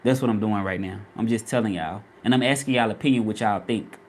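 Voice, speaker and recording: Speaking fast in a lowish voice over slight background noise, this Southern-accented vlogger from Memphis, Tennessee chats casually on a livestream. He also works as a freelance Spanish interpreter and keeps repeating his questions to viewers.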